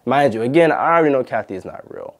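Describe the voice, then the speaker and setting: A man's voice: medium pitch, expressive, fast. A man hosting his channel, telling a personal story in a chatty way with lots of fillers. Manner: chatty, retells arguments, many fillers. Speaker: YouTube channel host. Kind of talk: casual storytime vlog.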